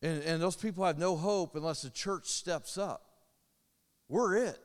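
A man's voice: a little high, moderate pace, clear, resonant tone. Earnest preaching man in a reverberant hall. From Indiana, US. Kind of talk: sermon testimony. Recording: long reverb of a large hall.

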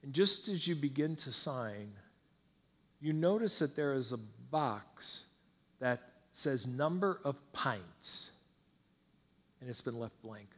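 A man preaching, telling a dramatic story in slow, hushed, intense phrases. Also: medium pitch, lively intonation, vocal fry, in a large hall. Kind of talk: sermon storytelling.

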